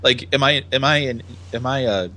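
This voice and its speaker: Bright-voiced curious man. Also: medium pitch, normal speed. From United States. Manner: curious, asks questions, laughs often. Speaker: podcast co-host. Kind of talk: casual chat.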